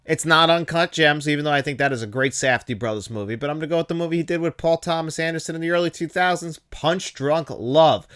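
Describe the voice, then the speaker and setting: A man's voice: a little high, fairly bright tone. A man in his thirties hosting a casual movie talk show, enthusiastic and laughing now and then. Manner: enthusiastic, laughs at quoted lines. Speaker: host.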